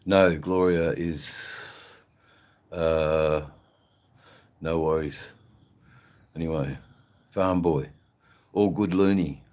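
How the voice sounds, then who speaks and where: A man's voice: rumbling low, fairly even intonation, extremely slow, long pauses, a little mellow. An Australian man hosting a livestream in casual chat, rambling and hesitant, swearing freely. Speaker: livestream host.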